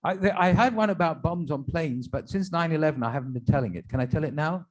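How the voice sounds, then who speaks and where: A man, a rabbi, telling jokes at a tribute event in a synagogue, pausing with fillers and restarts and slipping into German and Yiddish phrases for his characters. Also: a little high. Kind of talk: stand-up joke telling at a tribute.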